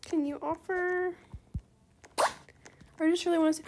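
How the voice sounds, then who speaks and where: A woman hosting her gaming channel, chatting casually through gameplay commentary and bursting into excited squeals. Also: sits high, fairly quick, vocal fry, slight background noise.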